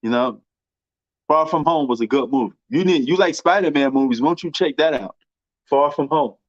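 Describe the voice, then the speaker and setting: A man's voice: fairly high pitch, normal speed, no echo, muffled recording. A man with a New York accent chatting casually and rambling about movies, full of slang and fillers. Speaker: movie commentator. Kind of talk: casual chat.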